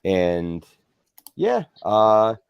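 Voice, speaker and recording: A man with a very low voice, talking as a guest on a relaxed online panel. He teases the others with dry humor. His sound is dry and close. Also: drawn-out words, vocal fry, clear, resonant tone, no echo, highs cut off. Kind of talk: casual panel chat.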